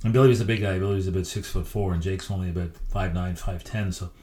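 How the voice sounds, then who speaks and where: A middle-aged man with a very low voice tells coaching stories at a brisk clip. He speaks as a guest in a podcast interview and is a lively, anecdotal storyteller. His voice carries a noticeable room echo.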